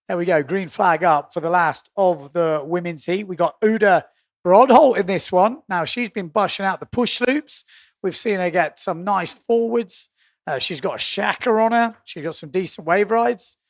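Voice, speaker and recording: A man's voice: sits high, no echo, clean studio sound. A man with an English accent doing live windsurfing commentary, joking and laughing easily between calls. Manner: jokey, laughs easily, quick asides. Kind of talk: live sports commentary and banter.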